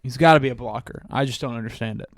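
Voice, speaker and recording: A man co-hosting a casual sports podcast, reading through a team roster and musing aloud with many pauses. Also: medium pitch, creaky, no room sound, studio quality. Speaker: podcast co-host.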